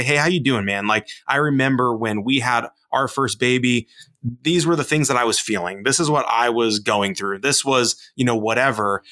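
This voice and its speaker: A man's voice: medium pitch, pushed and bright. A man in his thirties co-hosting a podcast, giving earnest, rambling advice to new fathers with plenty of fillers. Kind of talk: casual advice chat.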